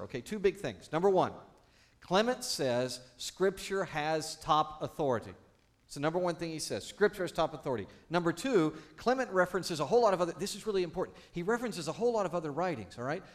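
A man, a pastor, preaching a sermon with animated, playful asides to the congregation. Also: fairly high pitch, fast talker.

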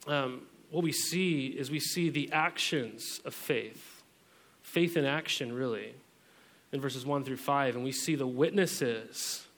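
Man, thirties, pastor, casual sermon, chatty with fillers, mid-pitched. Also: a bit bright.

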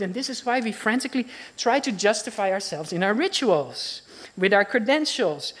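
A woman's voice: medium pitch, animated, moderate pace, a bit bright, breathy edge. A woman preaching a sermon in an earnest, reflective manner.

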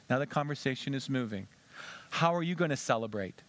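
A male pastor giving an animated sermon, acting out conversations with a volunteer on stage. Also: mid-range voice, fairly quick.

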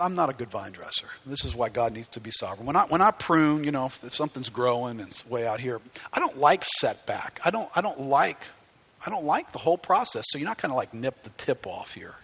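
A middle-aged pastor delivers a lively sermon in a bright, ringing voice that sits a little high for a man. He drops to near whispers, then builds to loud, fervent peaks. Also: fairly quick, creaky, slightly rough. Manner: animated preaching, swinging from hushed to near-shouting.

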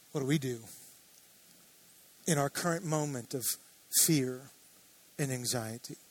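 A man preaching a sermon as pastor, earnest and building to emphatic declarations. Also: mid-range voice.

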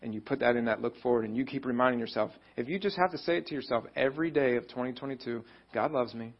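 A man's voice: medium pitch, very fast, lo-fi sound. A man pastor giving a conversational, encouraging sermon, often acting out what people think and say. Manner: conversational, encouraging, acts out quoted thoughts.

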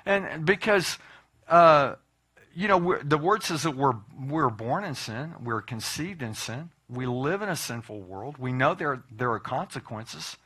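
A male pastor preaching a sermon in a conversational, animated storytelling way, with frequent asides to the congregation. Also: medium pitch, a little slow, husky.

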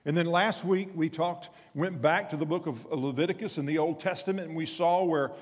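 Folksy pastor in a reverberant hall. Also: male voice, a little high, a little fast. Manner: folksy storytelling with repeated restarts. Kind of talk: sermon.

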